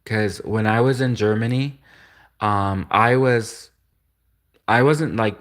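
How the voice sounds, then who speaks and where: A man's voice: lowish voice, slow pace, a bit bright. A man hosting a livestream, rambling in a casual monologue, chuckling often and restarting his sentences. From Canada. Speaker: livestream host.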